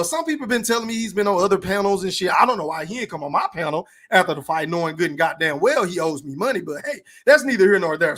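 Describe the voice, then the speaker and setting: Loud, animated man ranting on a podcast. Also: high voice. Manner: profane, animated, hypes donations with shout-outs. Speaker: podcast host. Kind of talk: livestream podcast rant.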